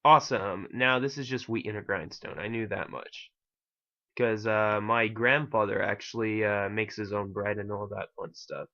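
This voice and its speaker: A man's voice: on the low side, fairly even intonation, moderate pace, sharp tone. Rambling young-sounding gamer man, lo-fi. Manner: rambling, self-mocking, swears casually. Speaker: gaming channel host. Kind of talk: casual gameplay commentary.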